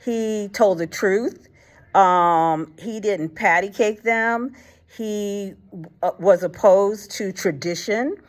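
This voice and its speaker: A woman's voice: medium pitch, slow pace. A woman hosting a casual faith talk, speaking bluntly and colloquially, retelling stories with acted quotes and frequent fillers and restarts. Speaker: host.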